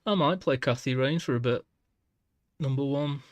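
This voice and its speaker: A man streaming a game, casually trying out foreign phrases haltingly and chuckling at himself. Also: mid-range voice, no room sound. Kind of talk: casual live-stream chat.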